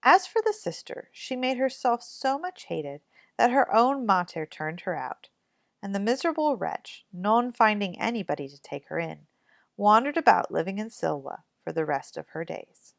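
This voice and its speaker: A woman reading a fairy tale aloud in an expressive storybook manner. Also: mid-range voice, normal speed, vocal fry, no echo, clean studio sound.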